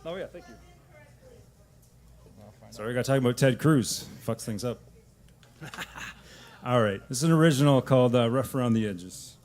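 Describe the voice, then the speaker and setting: A man's voice: mid-range voice, moderate pace, pauses often, a little mellow. A man from Canada, an open mic performer, rambling and joking between songs at a coffee shop. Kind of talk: casual banter and singing with guitar. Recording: live room with guitar music.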